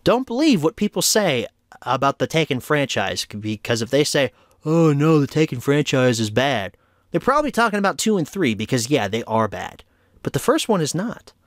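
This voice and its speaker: A man's voice: fairly high pitch, big pitch swings, fairly quick, no room sound, studio quality. A man hosting a casual home media review vlog, chatty and opinionated as he wraps up an episode. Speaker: movie reviewer, show host.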